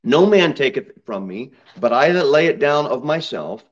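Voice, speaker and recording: A man's voice: very animated, moderate pace. Emphatic preaching man, slightly muffled. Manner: emphatic preaching, reading scripture aloud, rising to loud high peaks. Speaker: pastor. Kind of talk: sermon. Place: church sanctuary. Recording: slightly dull church recording.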